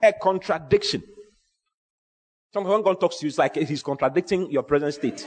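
A man's voice: on the high side, a little fast, in a large hall, crowd noise. A man, preaching a sermon with emphatic, repeating phrases.

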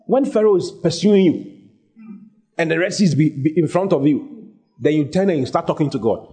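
A man preaching a sermon with a mellow, slightly husky voice. His delivery swoops up and down with energy as he hammers home repeated lines. He reads scripture aloud between his urgings. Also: on the high side, expressive, a little fast.

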